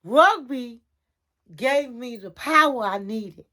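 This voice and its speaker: A woman's voice: a little high, expressive, slow pace, pushed and bright, exaggerated voice. A woman speaking as a grown man who earnestly recounts his comeback story.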